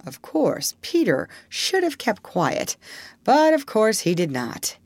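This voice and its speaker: A woman narrating a storybook in an expressive, measured reading. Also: mid-range voice, no echo.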